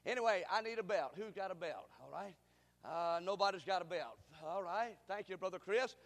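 A preacher with a strikingly high voice delivers an emphatic sermon, calling for responses and climbing into shouts. His voice carries with a long reverb through a church sanctuary. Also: normal speed. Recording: reverberant hall.

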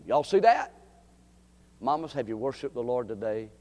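A man preaching a sermon, dropping to a hush and rising to shouts. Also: mid-range voice, very animated, moderate pace, in a large hall. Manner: dramatic swings from hushed to shouting.

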